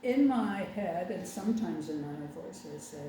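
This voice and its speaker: A woman's voice: on the low side, lively intonation, moderate pace. Older woman minister, echoey and distant. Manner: wry, chatty, sarcastic asides with laughter. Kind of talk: conversational sermon. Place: congregation meeting room. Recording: echoey room from far off with faint background noise.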